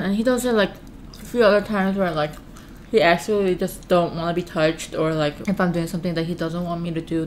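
A young woman talks casually to her camera while she eats at home, her speech full of "like" fillers. Her voice sits in an ordinary middle pitch. A faint background hum runs under her talk. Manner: chatty, lots of "like" fillers. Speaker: vlogger.

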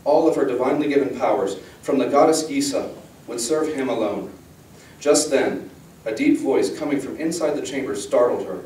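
A man, the author, giving an expressive, measured reading of his fantasy novel. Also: mid-range voice, far from the mic. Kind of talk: dramatic fantasy book reading. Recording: echoey room, voice from the mic.

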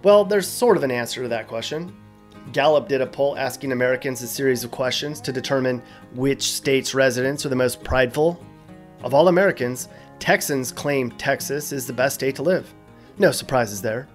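A man's voice: medium pitch, moderate pace, faint music behind. A man hosting a scripted explainer video, casual and joking with wry asides. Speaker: host.

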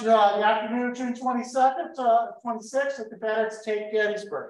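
A man from giving a lively history talk to an audience, telling the story with energy and throwing questions at the room. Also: high-pitched. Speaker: history speaker. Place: lecture room in a history center. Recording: roomy hall, voice picked up from a distance.

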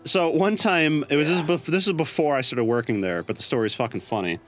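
A man co-hosting a let's play, telling stories in loud, jokey banter and shouting at the game. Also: a little high, brisk, soft background music. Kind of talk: casual gaming banter.

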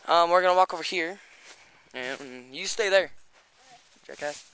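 This man's voice sits a little high, with a sharp, clean tone, a moderate pace, and frequent pauses. He's vlogging by a creek in rural hills with a handheld camera, slightly winded, rambling along with plenty of casual swearing and chatty side comments in a laid-back walking vlog.

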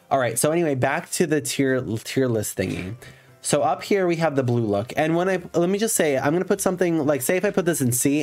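A man's voice: mid-range voice, a little mellow. A man in drag on a live stream, chatting casually and campily with his viewers, swearing playfully at them.

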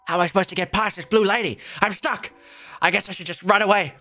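A man's voice: sits high, fairly even intonation, fast talker, pushed and bright, soft background music. A young man playing a video game, reading its text aloud and putting on voices for the characters in casual chat. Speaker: gameplay streamer. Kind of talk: let's play with read-aloud dialogue.

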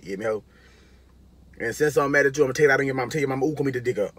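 A man's voice: mid-range voice, racing, fairly bright tone, no room sound. A man hosting a music reaction video, talking in casual, profane, joking commentary with taunting asides.

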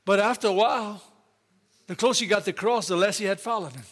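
A man's voice: high-pitched, quick pace, fairly bright tone. A man with a Louisiana Southern accent preaching a fervent sermon as pastor in a church, often exclaiming praise and hallelujah. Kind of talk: Pentecostal-style sermon. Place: church sanctuary.

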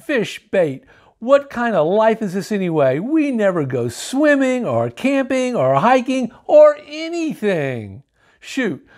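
A man voicing a small, angry boy worm in a storybook, shrieking complaints about his life. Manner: shrill, complaining rant. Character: angry little boy worm, whiny and fed up.

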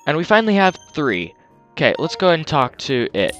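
A man's voice: fairly high pitch, big pitch swings, fairly quick, fairly bright tone, soft background music. A man on a headset mic giving jokey, self-mocking commentary while playing a video game. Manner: jokey, self-mocking, laughs at own jokes. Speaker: let's play host. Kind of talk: gameplay commentary.

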